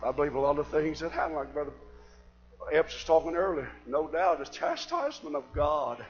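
A man preaching a sermon, swinging from shouted fiery passages to quiet, earnest talk. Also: fairly high pitch, expressive, fairly quick, lo-fi sound, faint music behind.

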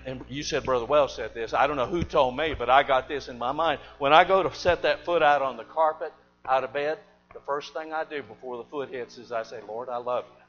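A man preaching a sermon, telling a folksy story and swinging between loud bursts and hushed asides. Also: on the high side. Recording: dull lo-fi church recording with long reverb and faint music.

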